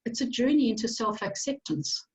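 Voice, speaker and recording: A woman's voice: fairly high pitch, moderate pace. A woman author with a South African accent, talking thoughtfully about her book over a video call. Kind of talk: reflective conversation. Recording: distant dull video-call audio.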